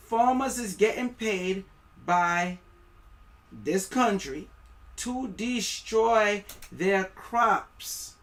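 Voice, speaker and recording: A man with a West Indian accent holds forth on a live stream, reading aloud slowly and drifting into preachy asides. His voice is bright and sharp, and he often trips over his words. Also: sits high.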